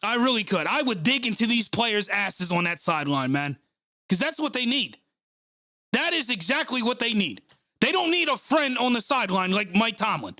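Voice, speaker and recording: A man's voice: high-pitched, sing-song, normal speed, bright, forceful tone, dry recording, studio quality. Angry, cursing sports live-streamer man. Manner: ranting, profane, heated. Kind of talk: angry live play-by-play reaction.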